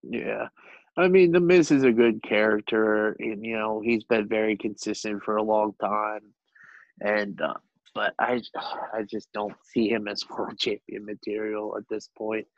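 Young male co-host, opinionated and self-mocking, low voice, dull dry lo-fi sound. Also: steady tone, a little slow, no room sound. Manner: opinionated, laughs at himself. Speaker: podcast co-host. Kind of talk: casual chat about pro wrestling.

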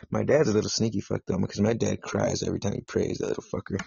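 A man with a low, gravelly and husky voice hosts his own live podcast, rambling in a profane, joking way. The recording is dull and lo-fi, with a dry sound. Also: steady tone, fast talker, dark tone, dry recording. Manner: profane, joking, self-mocking. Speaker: podcast host. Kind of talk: solo live podcast chat. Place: home setup in California.

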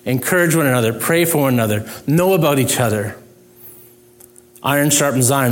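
A man's voice: medium pitch, brisk, pauses often. A middle-aged male pastor preaching a sermon in an earnest, conversational way, with self-deprecating humor.

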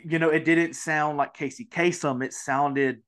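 A man's voice: a little high, fairly even intonation, measured pace, fairly bright tone. A man from Mississippi with a Southern accent, hosting a podcast interview in a rambling, chatty way with lots of fillers. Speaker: podcast host. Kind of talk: casual interview chat.

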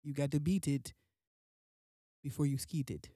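A woman's voice: sits low, unhurried, dark tone, no room sound, clean studio sound. A woman improvising a crude, dismissive dad in a put-on accent for a comedy bit. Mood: crude deadpan. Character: crude, gruff dad giving his kid blunt advice.

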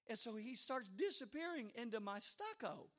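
Middle-aged male pastor, high voice, animated storytelling sermon with comic asides and bursts of volume. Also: moderate pace. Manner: animated storytelling with sudden loud outbursts; humorous asides.

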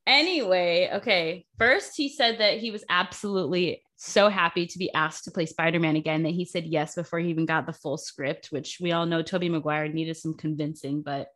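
A woman's voice: fairly low pitch, a little fast, few pauses, a bit bright. A young woman co-hosting a casual podcast chat, giggly and chatty with lots of fillers. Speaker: podcast co-host.

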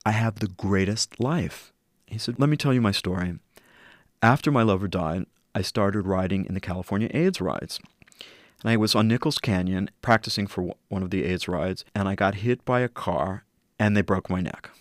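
A middle-aged man telling a personal story in an earnest, reflective way, slowing down at key moments. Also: deep voice, dry recording, studio quality. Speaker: interview guest.

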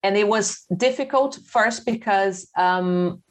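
A woman's voice: mid-range voice, takes it slowly. A Brazilian woman in her forties, a native Portuguese speaker and English teacher, answering thoughtfully with frequent fillers. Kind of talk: casual conversational interview.

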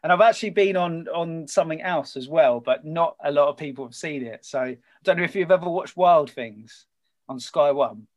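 A man, a podcast guest, chatting casually and telling a story with lively energy. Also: a little high, moderate pace. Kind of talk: casual chat.

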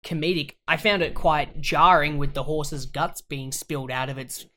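A man, co-hosting a casual film review podcast, talking in an animated, emphatic way. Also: fairly high pitch, normal speed. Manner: animated, emphatic, swears in mock outrage. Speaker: podcast co-host.

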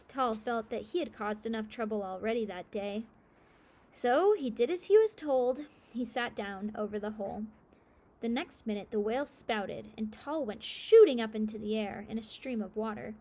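A woman reading a children's story aloud with steady, expressive narration. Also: on the high side, normal speed, slight background noise.

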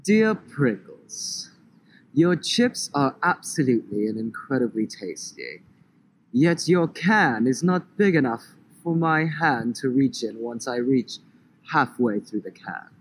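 A man's voice: mid-range voice, big pitch swings, slow pace, rough recording. A man putting on an indignant, pompous complainer's voice, outdoors in a park. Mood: mock outrage. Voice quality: mock-outraged, theatrical. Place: outdoors in a park, on a grassy slope.

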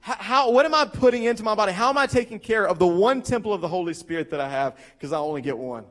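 A young male pastor preaching a sermon, telling a story with lively acted-out quotes and emphatic repetition. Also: high voice, fast. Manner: animated, acts out quoted voices, repeats for emphasis.

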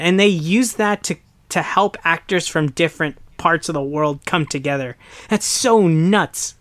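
A young man from the United States talks in a loose, animated way and keeps slipping into playful put-on voices. His voice sits a little high for a man. The sound is dry and close, with no room around it. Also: unhurried, dry recording. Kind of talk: casual chat.

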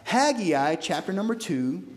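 A man preaches a sermon in a high, lively voice that swings widely in pitch. He moves between loud excitement and hushed lows as he tells the story, and the room around him rings with echo. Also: measured pace, a little hiss or hum.

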